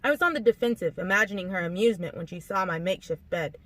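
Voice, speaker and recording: A woman reading a novel aloud in an audiobook narration, expressive and lively, acting out the dialogue. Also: medium pitch, quick pace, dry recording, poor audio. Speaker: audiobook reader.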